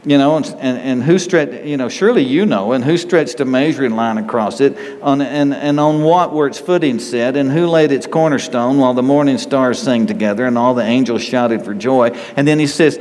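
A man's voice: mid-range voice, normal speed, few pauses, darkish tone, long reverb tail, low-quality recording. A man preaching a sermon as pastor, earnest and growing emphatic as he reads scripture.

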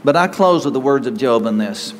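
A man's voice: mid-range voice, animated, fairly quick, in a large hall, a little hiss or hum, low-quality recording. A man preaching a sermon as pastor, earnest and growing emphatic as he reads scripture.

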